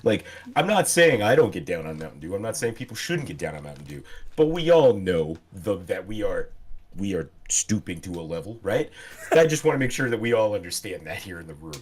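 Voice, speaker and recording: A man with a fairly low voice talks on a podcast in a blunt, emphatic, casual way. He swears freely and lays out the ground rules plainly. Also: big pitch swings, brisk, a little mellow, husky. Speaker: podcast co-host.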